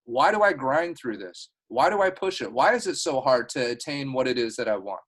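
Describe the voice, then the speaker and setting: A man's voice: medium pitch, big pitch swings, fairly quick, hardly any pauses, a bit bright, low-quality recording. A man leading his team's video call meeting, talking in an earnest, heartfelt and rambling way. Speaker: team leader. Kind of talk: motivational team meeting talk.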